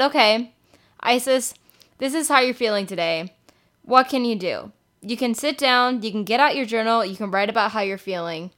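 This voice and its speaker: A young woman talking candidly on her solo podcast, casual and frank, swearing now and then. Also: mid-range voice. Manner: candid, swears casually, breaks into silly singing. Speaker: podcast host.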